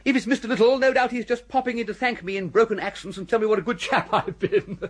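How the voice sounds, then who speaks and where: An actor playing a cheery, scatterbrained young English gentleman with an upper-class English accent who chatters and stammers breezily. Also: high voice, steady tone, quick pace. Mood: chatty. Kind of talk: radio comedy drama.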